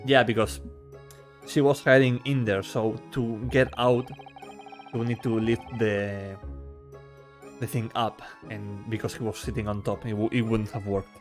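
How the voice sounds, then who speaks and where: A man's voice: fairly low pitch, flat delivery, unhurried, faint music behind. A man streaming a game, chatting casually with self-deprecating asides between readings. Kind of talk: casual let's-play commentary.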